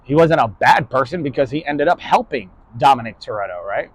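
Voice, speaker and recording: A man's voice: mid-range voice, lively intonation, fairly quick, breathy edge, no room sound. A man from New York giving a casual, blunt lecture to his online class, swearing freely and ending nearly every point with "right?". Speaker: online philosophy class host.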